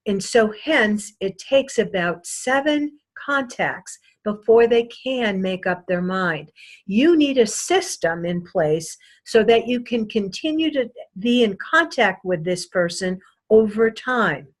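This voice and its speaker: A woman sales trainer delivers a recorded lesson at an unhurried, measured pace. Her pitch sits in the middle range, and she stresses key points by repeating them. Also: animated. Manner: slow, deliberate lecturing with emphatic repetition.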